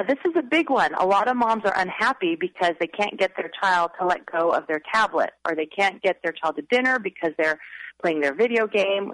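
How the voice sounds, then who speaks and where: A woman's voice: lowish voice, a bit bright, dry recording, poor audio. Woman, radio interview guest, upbeat, earnest, advice-giving, dry close sound. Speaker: author and guest.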